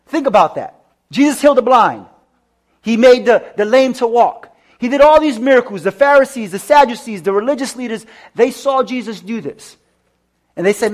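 A man's voice: high voice, expressive, normal speed. A man preaching a sermon, reading scripture aloud, questioning his listeners and repeating key words for emphasis, with frequent stammered restarts.

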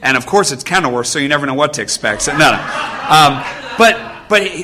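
A man's voice: medium pitch, lively intonation, fairly quick, background noise. A man in his thirties giving a sermon with personal stories to a church audience, talking in an earnest, conversational way and often checking in with "right?". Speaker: nurse giving a church talk. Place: church gathering with a live audience.

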